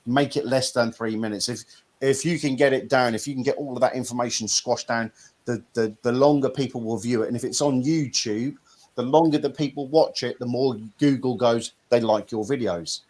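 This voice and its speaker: Blunt, chatty English host. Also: male voice, medium pitch, fairly even intonation, fairly quick, darkish tone. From Norfolk, England. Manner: blunt, chatty, mild swearing. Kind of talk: casual live-stream chat.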